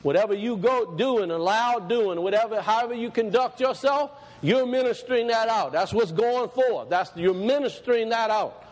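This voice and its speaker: A man delivers a sermon in a high, light voice. He talks in a conversational way and repeats phrases to drive them home. When he reads scripture he slows down and lifts his voice, and a long reverb from the hall trails behind him. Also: darkish tone. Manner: slows and rises when reading scripture aloud. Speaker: preacher.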